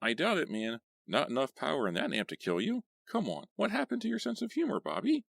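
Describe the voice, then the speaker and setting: A man voicing a wisecracking teenage boy who talks in an excited, jokey way. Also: on the high side, fairly quick, vocal fry, dry recording, clean studio sound, pitched above the performer's own voice, exaggerated voice. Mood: gleeful teasing.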